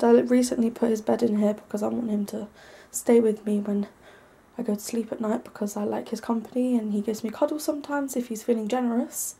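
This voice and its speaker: A young woman giving a casual, rambling tour of her small bedroom, full of ums and likes, sometimes hushed. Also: a little high, steady tone, a little fast, creaky, slightly rough. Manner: hushed at times so as not to wake her brother. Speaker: vlogger. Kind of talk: casual room tour vlog.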